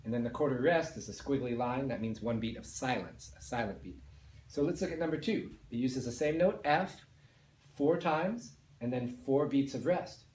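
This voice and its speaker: A man's voice: mid-range voice, animated, normal speed, a little mellow, echoey room, a little hiss or hum. A man teaching beginner band students, explaining each step patiently and counting and singing the notes along. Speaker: music teacher. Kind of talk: patient beginner instrument lesson.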